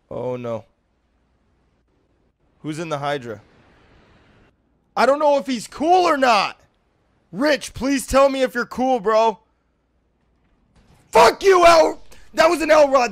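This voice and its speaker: A young man with a lisp, streaming a game and talking over it with a very high, gravelly voice. He mutters under his breath, then erupts into loud, cursing tirades. The sound is dry and close. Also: no room sound. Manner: swings between muttering and loud, swearing rage outbursts. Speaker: gaming streamer. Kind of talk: live gameplay commentary.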